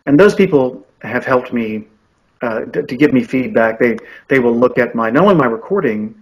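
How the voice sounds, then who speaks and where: Poor audio captures a slightly rough, medium-pitched male voice with lively intonation at a normal pace. He's in his forties, coaches and narrates audiobooks, and answers a podcast interviewer earnestly and thoughtfully, restarting often.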